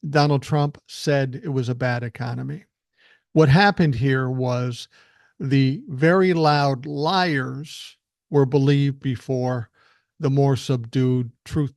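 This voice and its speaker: A man's voice: mid-range voice, darkish tone, dry recording, studio quality. An older man hosting a solo podcast, talking bluntly and emphatically, with frequent swearing. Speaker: podcast host. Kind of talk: solo political podcast monologue.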